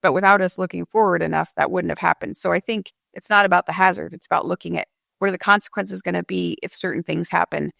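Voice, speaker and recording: A woman who directs emergency management, answering interview questions in a measured, explanatory way with worked examples. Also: fairly low pitch, fairly even intonation, gravelly, fairly bright tone, no echo, clean studio sound.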